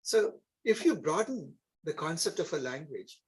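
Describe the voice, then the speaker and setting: A man with an Indian accent gives a classroom lecture. His voice sits fairly high and sounds husky. He explains step by step and keeps checking in with the class through short tag questions. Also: sing-song, moderate pace, poor audio. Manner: explanatory, frequent tag questions like "isn't it?" and "right?". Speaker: instructor.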